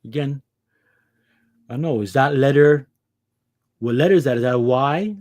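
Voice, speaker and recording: A man's voice: mid-range voice, moderate pace, darkish tone, no echo, studio quality. A man preaching an impassioned scripture lesson, pressing his listeners with rhetorical questions. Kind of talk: impassioned religious teaching.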